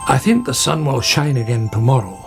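A gruff, sensible badger from a storybook, as a man voices him, grumbling in a gravelly, steady tone. Light music plays behind him. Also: medium pitch, brisk.

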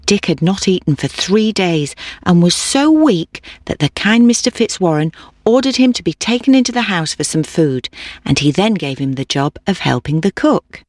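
A narrator reading a children's storybook in a steady, clear way. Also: mid-range voice, dry recording, studio quality.

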